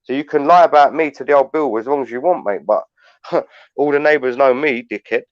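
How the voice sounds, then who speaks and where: A man's voice: mid-range voice, fairly quick, dry recording. Man, London accent, blunt sweary storyteller, dry sound, dull streamed audio. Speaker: livestream panel host. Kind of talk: heated casual chat. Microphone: livestream.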